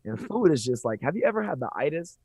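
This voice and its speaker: A man chatting as a podcast guest, excitable, jumping between loud outbursts and mumbled asides. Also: a little high, fast talker, slightly rough, dry recording. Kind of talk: casual chat.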